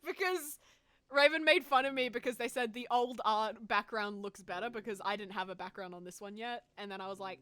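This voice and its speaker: A woman's voice: on the high side, brisk, a bit bright, smooth. A woman streamer chatting casually with friends while drawing, laughing often, teasing and swearing.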